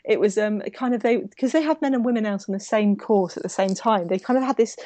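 Sleepy, slightly croaky woman chatting. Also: mid-range voice, fast, warm tone, no echo. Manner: chatty, rambling with restarts. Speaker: podcast co-host. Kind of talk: casual chat.

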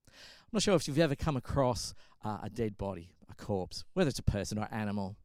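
A man's voice: lowish voice, animated, brisk, darkish tone, no room sound. A man preaching a sermon, telling a story and pressing his point with emphatic repetition. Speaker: pastor.

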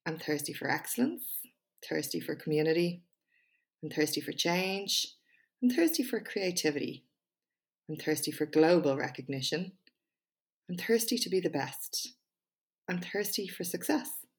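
Low-voiced, frank woman podcaster. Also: expressive, moderate pace, long pauses. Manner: frank, chatty, self-deprecating, with emphatic speech-style delivery. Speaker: podcast host and small business owner. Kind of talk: solo podcast monologue, reading her own speech aloud.

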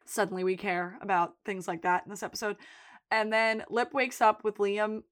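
A woman co-hosting a podcast, recapping a TV episode in casual chat, telling it with lively storytelling, acting out characters' lines and laughing often. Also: medium pitch, moderate pace. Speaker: podcast co-host.

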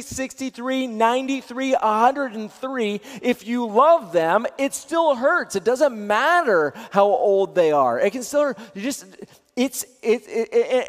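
A man's voice: extremely high pitch, in a large hall. A man teaching in a sermon style, earnest, repeating phrases and often restarting his sentences.

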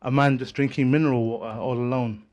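A man's voice: mid-range voice, steady tone, quick pace, darkish tone, highs cut off. A man telling a joke in casual chat, rambling and correcting himself as he goes. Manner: rambling, self-correcting storyteller.

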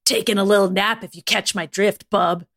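A woman's voice: medium pitch, fairly even intonation, moderate pace, a bit bright. Playful woman reading comic fan fiction. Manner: playful, laughing. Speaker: podcast co-host.

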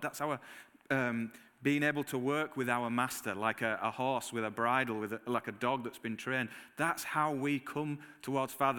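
A man preaching a sermon, telling lively personal stories and acting out his own reactions, with a Northern English accent. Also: mid-range voice, long reverb tail. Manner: animated storytelling, acts out his own reactions. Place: church hall.

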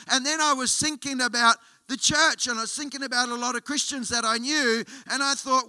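Bright-voiced Australian preacher. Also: male voice, extremely high pitch, steady tone, brisk, hardly any pauses, no echo. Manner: storytelling preacher who builds to emphatic, rising appeals. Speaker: guest pastor. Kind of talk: sermon. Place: church auditorium.

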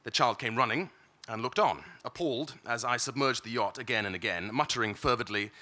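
A British man reading literary fiction aloud in the first person. His voice sits low in pitch but sounds bright and forceful. He reads in a wry, measured way and now and then stumbles over a word. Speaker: reader.

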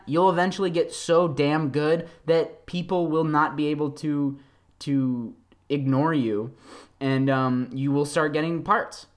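A podcast host ranting solo, rambling with many fillers and laughs, swinging between low mumbles and loud animated bursts.

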